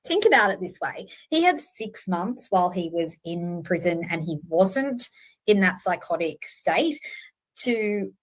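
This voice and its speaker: Woman, channel host; casual earnest commentary, slightly low voice, self-correcting. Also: a little slow. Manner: earnest, animated, self-correcting, with many fillers. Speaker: true-crime channel host.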